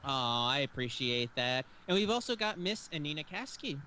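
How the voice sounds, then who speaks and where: A man's voice: on the high side, sing-song, normal speed, pushed and bright, slight background noise, low-quality recording. A man hosting a casual podcast chat who rambles and corrects himself as he goes. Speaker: host.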